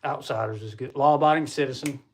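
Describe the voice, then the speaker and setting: A man's voice: medium pitch, fast talker, a little hiss or hum. A man hosting a casual live stream, rambling and chatting with viewers as he reads their comments. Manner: rambling, chatty, laughs often; talks to viewers while reading comments. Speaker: livestream host.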